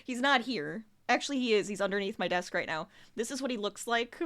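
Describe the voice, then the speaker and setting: A woman's voice: medium pitch, animated, fairly quick, fairly bright tone, no echo. Bubbly chatty young woman streamer. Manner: bubbly, laughs often, chatty. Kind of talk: casual chat while crocheting on stream. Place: home room.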